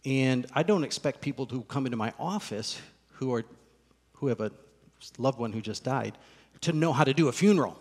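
A middle-aged male pastor telling a story from the pulpit in a lively, conversational way. His mid-pitched voice carries through a large hall with a long reverb. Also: normal speed. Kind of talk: sermon with personal storytelling.

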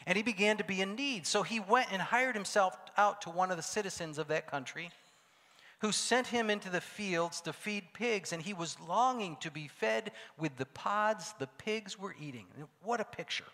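A male pastor preaching a sermon, swinging from loud calls to hushed asides. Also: high-pitched, normal speed. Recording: long hall reverb.

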